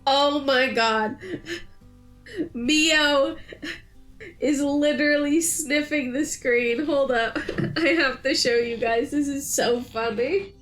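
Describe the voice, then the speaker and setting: A woman's voice: high-pitched, slow pace, pauses often, a bit bright, faint music behind. A woman streaming a game in casual chat, gushing in baby-talk and laughing often.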